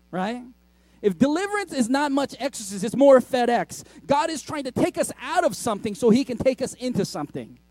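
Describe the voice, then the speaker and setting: A man's voice: very high-pitched, a little mellow, no room sound. A middle-aged male pastor preaching a sermon, conversational and self-deprecating as he tells stories.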